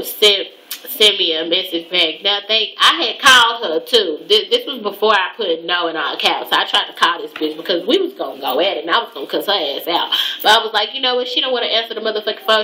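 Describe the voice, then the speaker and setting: A young adult woman telling a profane, animated story in a casual vlog, mimicking the people she quotes. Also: medium pitch, poor audio. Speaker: hair vlogger.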